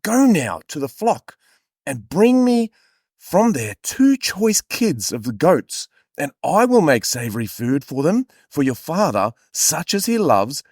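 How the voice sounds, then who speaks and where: A hushed, scheming mother in whispered role-play, as a man puts her on. She gives orders in a raised, breathy whisper. The recording is close and dry. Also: on the high side, big pitch swings, unhurried, no room sound, voice pushed up. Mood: conspiratorial.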